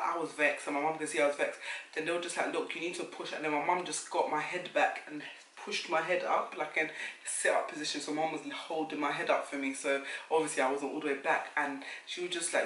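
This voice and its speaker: A young woman, telling a lively story to camera as a vlogger and acting out what others said. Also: deep voice, slight background noise. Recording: roomy sound, mic at a distance.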